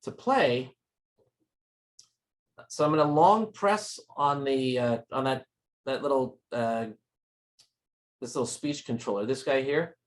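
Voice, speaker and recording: A man's voice: medium pitch, takes it slowly, long pauses. A man giving a live tech demonstration at a user group meeting, explaining step by step in a friendly, informal way.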